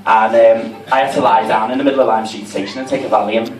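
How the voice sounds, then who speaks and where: A man with a Liverpool accent performs a camp, chatty, self-mocking stand-up set in a comedy club. His fairly low voice keeps a steady tone at a fast clip, and the recording is roomy and distant, with crowd noise.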